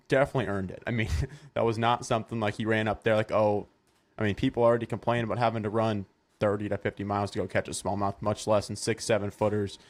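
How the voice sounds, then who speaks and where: A man with a fairly low voice hosts a casual fishing podcast. He talks with easy enthusiasm as he reacts to his guests. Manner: enthusiastic, congratulating. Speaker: podcast host. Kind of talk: casual interview chat.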